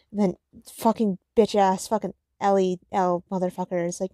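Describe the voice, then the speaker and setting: A woman's voice: medium pitch, little pitch movement, fairly quick, mellow, dry recording, clean studio sound. Foul-mouthed sarcastic young woman. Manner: profane, sarcastic, exasperated. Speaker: reader reviewing a manga. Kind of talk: casual reading-and-reaction commentary.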